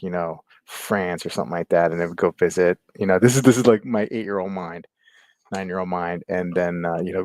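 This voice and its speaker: A man hosting a casual livestream chat, rambling, laughing often, and filling pauses as he reads viewer comments. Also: sits low, darkish tone, no room sound. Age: adult with kids. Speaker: livestream host.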